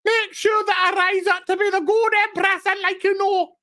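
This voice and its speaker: A reviewer putting on the voice of a young empress, mocking her with a simpering, high-pitched plea. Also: level tone, normal speed, bright, forceful tone. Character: whiny young empress pleading in prayer.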